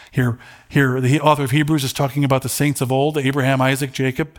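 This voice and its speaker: A middle-aged man preaching a sermon, earnest and halting, holding back tears, his voice lifting when he reads scripture aloud. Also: mid-range voice, steady tone. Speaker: pastor.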